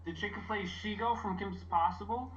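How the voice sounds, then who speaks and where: A man's voice: high voice, a little fast, fairly bright tone, recorded from a distance, muffled recording, slight background noise. A man hosting a casual watch-party chat, rambling with many fillers. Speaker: podcast host.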